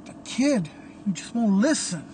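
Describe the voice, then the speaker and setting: A man's voice: high-pitched, very animated, measured pace, dark tone, slight background noise. A man voicing a coarse young gang leader who sounds exasperated.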